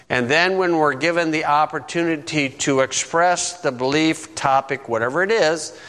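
A man's voice: a little high, fairly bright tone, in a large hall. A man teaching a Bible lesson in a conversational, folksy way, often checking in with his listeners. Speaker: preacher.

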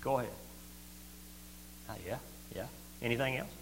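A man's voice: medium pitch, moderate pace. Middle-aged male preacher, plain-spoken and folksy, mid-range voice, long echo. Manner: folksy and plain-spoken, swings from loud to quiet. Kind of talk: sermon. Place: church hall. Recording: echoey hall with faint hum.

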